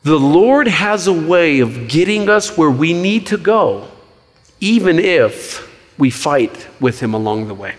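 A male pastor preaching a sermon in a conversational, animated way, with quick asides and stories. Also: fairly high pitch. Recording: reverberant hall.

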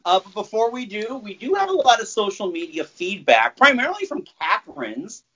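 A man hosts a podcast in casual chat. His voice sits a little high, and he rambles and jokes with plenty of fillers. The recording is muffled and lo-fi. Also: big pitch swings, a little fast, fairly bright tone, husky. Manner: rambling, loose and jokey, with many fillers. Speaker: podcast host. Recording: muffled lo-fi sound.

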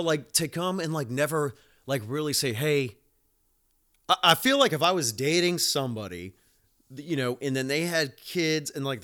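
A man's voice: medium pitch, fairly bright tone. A man, hosting a casual podcast monologue, rambling and profane with many fillers. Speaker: podcast host.

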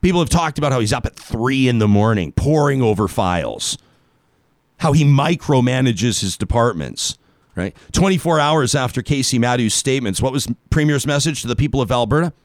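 A man's voice: on the high side, expressive, no echo, studio quality. Emphatic, sarcastic male talk radio host. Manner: emphatic, sarcastic, dramatic pauses on key words. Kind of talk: political commentary monologue.

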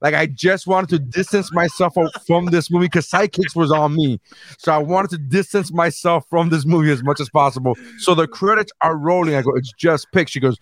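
A man co-hosting a casual podcast, telling stories in an animated way and swearing freely. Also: a little high, brisk. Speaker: podcast co-host.

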